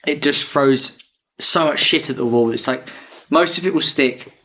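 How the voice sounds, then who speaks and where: A man's voice: mid-range voice, normal speed. A man, co-hosting a podcast in casual chat, telling stories with swearing and gusto. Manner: swearing, animated storytelling. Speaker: podcast co-host.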